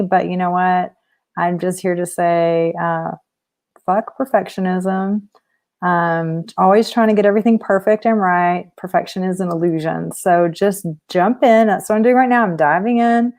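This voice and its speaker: A woman's voice: fairly low pitch, a little mellow. A woman in her forties from Texas with a Southern twang, a life coach chatting casually on a live stream in an upbeat way with lots of ums. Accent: Texan Southern. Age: 40s.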